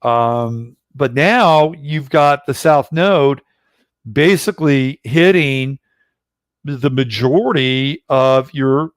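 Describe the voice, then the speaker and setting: A man's voice: medium pitch, takes it slowly, no echo, studio quality. A middle-aged man hosting a casual livestream about astrology, rambling and blunt, with occasional swearing. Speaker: astrologer host.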